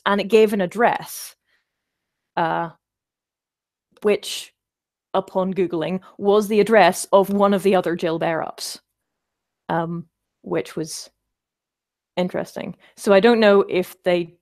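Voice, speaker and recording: A woman's voice: lowish voice, fairly even intonation, slow, pauses often, a little mellow. A woman hosting a casual livestream, chatting and rambling as she answers viewer comments, with wry self-deprecating asides.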